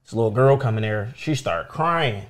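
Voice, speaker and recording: A young man, a comedian, telling stories in casual chat, animated and swearing freely while acting out the people in them. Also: medium pitch, moderate pace. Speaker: comedian guest. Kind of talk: casual storytelling.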